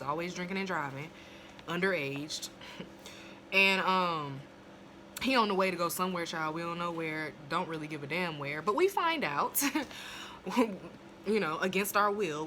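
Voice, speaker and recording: This young woman's fairly low voice sounds bright and forceful as she recaps a TV episode, casual, blunt and profane, laughing as she talks. She recorded it at home on a phone, and there's a touch of hiss or hum.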